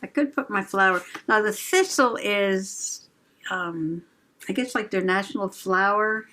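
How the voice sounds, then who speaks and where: Slow, chatty, giggly middle-aged woman. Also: medium pitch, pushed and bright. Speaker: journaling channel host. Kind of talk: casual crafting chat.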